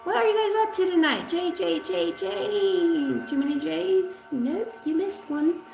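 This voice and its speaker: A woman's voice: extremely high pitch, normal speed, creaky, a little mellow. Profane, playful woman reader in an echoey room. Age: 30s. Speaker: tarot and oracle card reader. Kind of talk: casual livestream reading, greeting chat. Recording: echoey room with faint background music.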